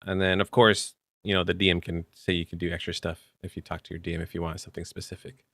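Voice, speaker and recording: A man co-hosting a podcast, chatting casually about tabletop game rules with relaxed fillers. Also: deep voice, fast talker, no room sound, studio quality. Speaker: podcast co-host.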